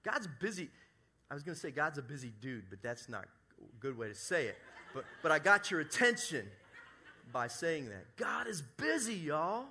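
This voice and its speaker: A middle-aged man preaches a sermon, spinning a personal story with humor and asides. His voice is bright and forceful, sitting a little high for a man. He speaks to a church congregation. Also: normal speed. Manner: storytelling, animated, jokey asides. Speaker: pastor. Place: church service before a congregation.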